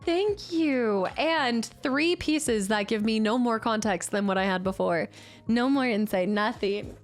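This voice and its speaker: Woman streamer, casual chat, fairly high voice, gets excitable and squeaky, faint music under. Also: unhurried. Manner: excitable, squeals and laughs when opening gifts.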